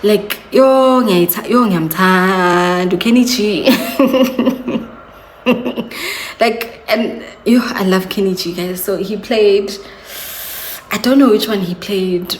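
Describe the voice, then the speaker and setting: A young woman vlogger tells a story to camera in a chatty, confiding way, speaking slowly in a mid-range voice. The recording sounds like an echoey room, with slight background noise.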